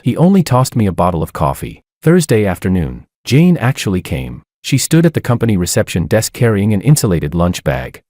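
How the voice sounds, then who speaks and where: A man's voice: low voice, a little mellow, no room sound, studio quality. A man narrating a dramatic first-person story in a cool, detached way.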